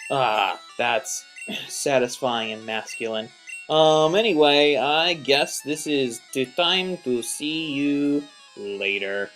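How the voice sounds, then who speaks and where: A man's voice: mid-range voice, slow, a bit bright, soft background music. A young man hosting a let's play, rambling casually and exasperated, with lots of restarts. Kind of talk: casual gameplay commentary.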